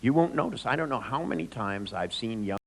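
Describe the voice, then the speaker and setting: A man telling an anecdote in a chatty, animated way with frequent restarts. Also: lowish voice, brisk, creaky, low-quality recording. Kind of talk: anecdotal storytelling talk.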